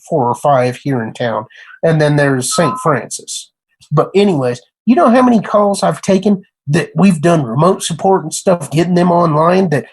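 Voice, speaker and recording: A man's voice: on the high side, husky, low-quality recording. A man who works as a computer repair tech, talking in an emphatic, rambling casual rant that repeats itself.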